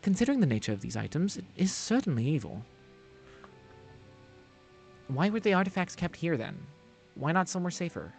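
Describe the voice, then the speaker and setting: A streamer voicing a grave older woman with a Welsh accent, reading solemn lines with a few stumbles. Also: medium pitch. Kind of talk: live-streamed game voice acting.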